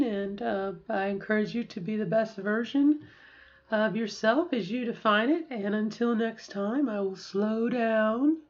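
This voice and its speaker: A middle-aged woman vlogging casually to camera, reflective and halting, practicing slow, deliberate speech while sore after a treatment. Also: fairly high pitch, darkish tone, muffled recording.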